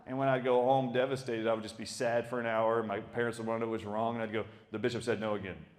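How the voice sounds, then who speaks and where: A middle-aged man, a doctor giving a talk, who tells personal stories in an emphatic, animated way and often laughs. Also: mid-range voice, quick pace. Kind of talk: storytelling talk.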